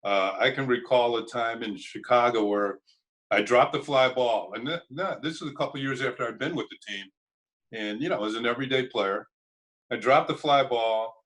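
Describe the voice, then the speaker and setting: An older man, a former ballplayer, telling relaxed anecdotes with chuckles in an interview. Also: medium pitch, normal speed, rough recording. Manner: chuckling anecdotes, acts out quoted voices. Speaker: former ballplayer and broadcaster, guest. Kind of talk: casual storytelling interview.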